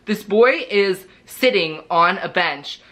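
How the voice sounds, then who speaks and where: Chatty young man with a bright voice. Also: high voice, slow. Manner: chatty, animated, constant filler words. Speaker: vlogger. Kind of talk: storytime vlog.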